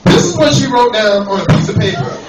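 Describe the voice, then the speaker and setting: A man's voice: high voice, expressive, fairly quick, over loud music. A young man with a New York accent doing a profane stand-up comedy set and riffing with the crowd. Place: comedy club with a laughing audience. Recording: echoey club from far off with crowd.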